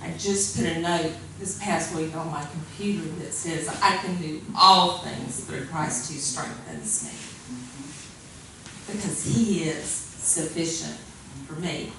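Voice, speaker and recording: A woman's voice: low-pitched, lively intonation, slow pace, a bit bright. Woman preaching in an echoey church. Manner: earnest, conversational, repeats phrases. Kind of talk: sermon. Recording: echoey room, far from mic, faint hiss.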